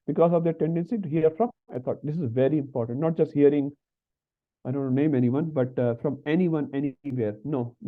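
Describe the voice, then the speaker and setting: A man teaching an online scripture class, chatty and asking little tag questions. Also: fairly high pitch. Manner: conversational, frequent tag questions. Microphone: video call. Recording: tinny phone-like call audio.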